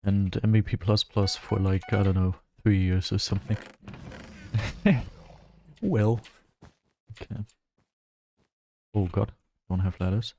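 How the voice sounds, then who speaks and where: A man's voice: on the low side, slow pace, pauses often, dark tone, a little hiss or hum. A male streamer chatting casually while playing a game, rambling and laughing often. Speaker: gaming streamer. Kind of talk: casual gameplay commentary.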